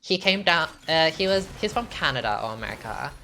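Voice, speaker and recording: A young woman gaming streamer gives casual gameplay commentary in a chatty, sassy way, packed with fillers and lots of "like." Her deep voice swings widely in pitch and she talks a little fast. Game music plays behind her, along with crowd noise.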